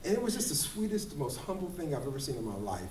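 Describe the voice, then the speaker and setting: A middle-aged man, a dance choreographer, telling stories in a casual interview at a fitness camp event, animated and circling back with repeated words. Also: fairly high pitch, quick pace, a little hiss or hum. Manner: animated, rambling storyteller with repeated "and, and". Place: large room at a kids fitness camp event. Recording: roomy echo, distant mic, faint ambience.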